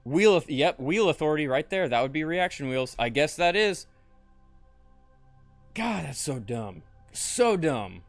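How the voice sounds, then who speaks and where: Brief: young male streamer, lively swings in pitch, close dry mic, grumbling and cursing at the game, faint music under. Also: moderate pace, few pauses, dry recording. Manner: frustrated, swearing, muttering to himself. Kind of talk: casual live-stream commentary.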